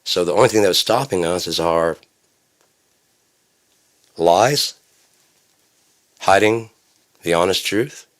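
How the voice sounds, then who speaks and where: A man with a very low voice rambles through a stream-of-consciousness rant. He jumps from musings on time to blunt, profane gripes, cursing freely as his thoughts wander. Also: takes it slowly, long pauses. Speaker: solo rambling monologue.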